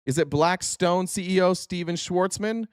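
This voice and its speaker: A man's voice: sits high, moderate pace, clean tone, dry recording, studio quality. A man hosting a casual political commentary show, sarcastic and profane, firing off rhetorical questions. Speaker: host.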